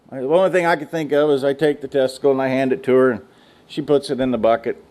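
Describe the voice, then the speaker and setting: A man's voice: medium pitch, steady tone, fast talker, darkish tone. A middle-aged man from the United States speaking to students, a folksy storyteller joking about ranch life. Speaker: guest speaker. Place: lecture room.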